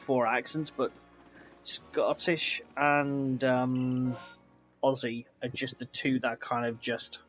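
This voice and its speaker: A man's voice: mid-range voice, a bit bright. A man streaming a video game, chatting casually and rambling as he reads and answers his chat. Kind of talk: casual gameplay commentary. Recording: slightly dull, faint background music.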